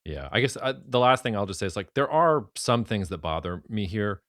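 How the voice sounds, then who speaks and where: A man's voice: fairly low pitch, lively intonation, fairly quick, a bit bright, no echo, clean studio sound. A man co-hosting a podcast, speaking earnestly in casual chat, often restarting his sentences. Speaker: podcast co-host.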